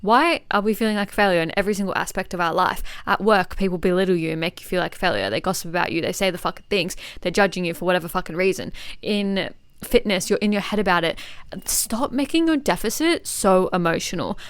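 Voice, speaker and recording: A young woman in her twenties talks through a solo podcast at a rapid clip, fired-up and blunt, swearing as she goes. Her voice is smooth and clear. The recording is dry and close, with no room sound. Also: on the low side, lively intonation, no echo. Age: 20s. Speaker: podcast host and fitness coach. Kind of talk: casual solo podcast monologue.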